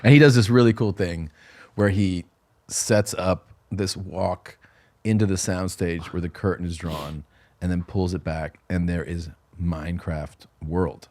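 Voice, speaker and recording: A man guest telling a casual, animated story, acting out quoted dialogue and laughing often. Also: low-pitched, measured pace. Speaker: guest comedian.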